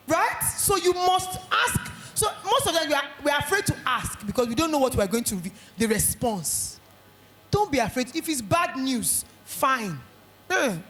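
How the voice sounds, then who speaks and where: A middle-aged woman with a Nigerian accent giving a lively motivational talk at an education conference, acting out little scenes. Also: high voice, reverberant. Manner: animated, acts out little scenes in quoted voices.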